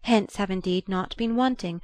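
A woman's voice: mid-range voice, normal speed, darkish tone, no room sound. Woman narrating an audiobook, dry sound. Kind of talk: audiobook reading.

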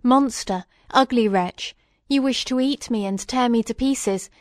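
A woman voicing a frightened, defiant small boy who cries out in a high, shrill voice. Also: unhurried, dry recording, clean studio sound, close to an everyday voice.

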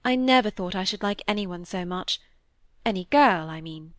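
A woman reading the part of a witty, playful young Victorian woman, light and teasing, a little higher in pitch. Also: animated, normal speed, no room sound, lightly acted. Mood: gentle. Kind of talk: audiobook character reading.

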